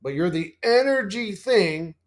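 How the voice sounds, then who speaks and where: A man's voice: animated, unhurried. A man rambling casually as a channel host, swearing often and full of fillers and restarts. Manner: acts out quoted dialogue in a higher voice.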